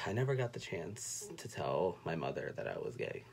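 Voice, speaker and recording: A young man from North Carolina telling a personal story on a livestream, speaking in a soft, halting way and fighting back tears. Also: low voice, big pitch swings, creaky. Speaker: vlogger. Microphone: phone or webcam.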